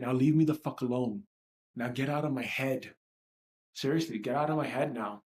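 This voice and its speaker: A man's voice: mid-range voice, a little fast, mellow. A man in his thirties from New York, coaching an EFT tapping session with a raw, profane, emotionally charged monologue that repeats phrases for emphasis. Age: 30s.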